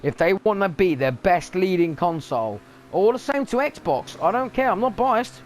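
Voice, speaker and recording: A gaming vlogger with a high, sing-song voice rants angrily at normal speed, swearing throughout his monologue. There's a little hiss or hum in the recording.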